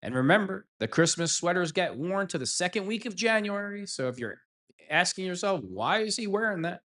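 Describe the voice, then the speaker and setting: Heated, bright-voiced male football ranter. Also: high voice, sing-song, moderate pace. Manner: heated, sarcastic, mocking pundits. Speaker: sports commentary host. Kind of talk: ranting fan reaction video.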